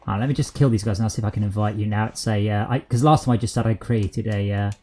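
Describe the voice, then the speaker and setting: A man's voice: fairly low pitch, steady tone, fast talker, mellow. A man hosting a casual gaming stream, chatting and rambling aloud with lots of fillers while he sorts out game problems.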